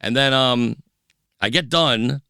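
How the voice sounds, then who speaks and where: A middle-aged man, a DJ guest on a podcast, telling stories in a casual, animated way and acting out the voices of the people in them. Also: medium pitch, slow pace, gravelly, clean tone, no room sound, studio quality. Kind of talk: casual storytelling interview.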